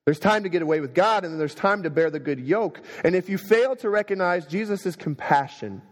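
A young adult man preaching a sermon, telling stories and swinging between quiet moments and emphatic ones. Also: high-pitched, animated, fairly quick. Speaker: pastor. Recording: long reverb of a hall.

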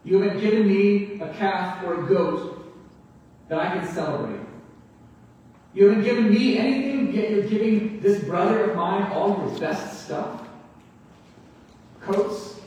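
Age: adult. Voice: high for a man. Figure: an indignant, self-righteous older son, as a preacher puts him on. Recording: far off in a hall with long, heavy echo. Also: expressive, moderate pace, a little mellow, natural voice. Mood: resentful. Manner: indignant, complaining. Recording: echoey hall, mic far off.

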